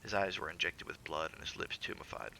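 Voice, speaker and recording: Gravelly man reading horror aloud. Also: low voice, fairly even intonation, pushed and bright, slight background noise, poor audio. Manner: measured, theatrical narration with occasional stumbles. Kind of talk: dramatic reading of a classic horror story.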